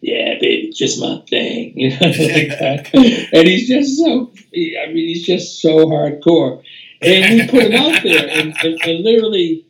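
An older man recounts studio stories in a loose, rambling way, restarting sentences and swearing casually. His voice sits somewhat high for a man. A roomy echo surrounds him. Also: lively intonation, a little slow, fairly bright tone, a little hiss or hum. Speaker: music producer, interview guest. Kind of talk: casual anecdotal storytelling.

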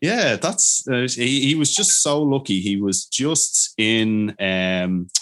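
A man's voice: mid-range voice, takes it slowly. A man as a guest in a podcast interview, telling stories eagerly, with many fillers and restarts. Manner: enthusiastic storyteller, many fillers and restarts, animated quoted voices. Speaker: brewery owner, guest. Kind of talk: casual interview chat.

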